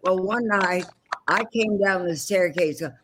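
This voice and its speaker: A woman's voice: fairly low pitch, unhurried, background noise. An older woman, a veteran stage actress, telling bawdy, wisecracking stories on a video call from her home. She rambles with fillers as she goes. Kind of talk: casual storytelling on a video call.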